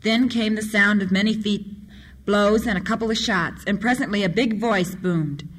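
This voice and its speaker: Steady children's storyteller. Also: medium pitch, moderate pace. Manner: steady, expressive reading. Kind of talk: reading children's stories aloud.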